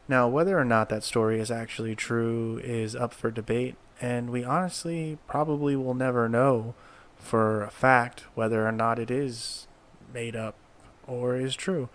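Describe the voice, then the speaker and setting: A man narrates a commentary video at an unhurried, deliberate pace. His voice sits in an ordinary middle pitch, and he lays out his points with care. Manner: measured, deliberate.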